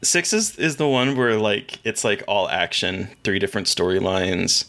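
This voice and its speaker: A man's voice: on the low side, moderate pace, pushed and bright. Rambling man co-hosting a film podcast. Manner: rambling, enthusiastic, many restarts. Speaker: podcast co-host. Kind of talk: casual chat about films and shows.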